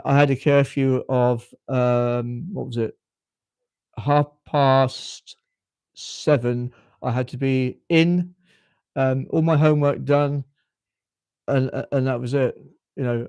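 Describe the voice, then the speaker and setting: The speaker, a UK man in his fifties with a well-spoken British accent, hosts an informal live chat and frequently pauses to repeat words. His medium-pitched voice is a little mellow and smooth, with no echo.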